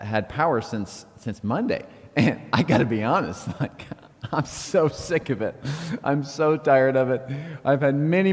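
A middle-aged pastor preaches from the pulpit in a candid, self-deprecating way, laughing at himself as he tells stories. His voice sits at an ordinary pitch for a man, and it carries a long reverb from the church sanctuary. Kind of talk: sermon.

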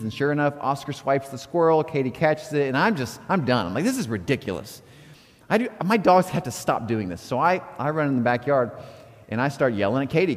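A man preaching a sermon as pastor, telling stories conversationally and breaking into animated outbursts. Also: medium pitch, long reverb tail.

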